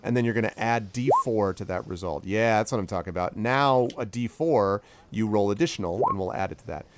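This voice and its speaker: A man's voice: lowish voice, fairly quick, slight background noise. A man narrating as dungeon master for a tabletop game, enthusiastic and rambling.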